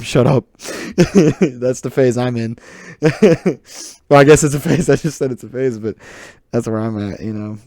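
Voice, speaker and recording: A man's voice: fairly low pitch, vocal fry, darkish tone, no echo, clean studio sound. A teenage boy with a Southern US accent, rambling through a solo podcast, laughing often and poking fun at himself. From southern United States. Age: teens. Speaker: podcast host. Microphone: desk mic, close.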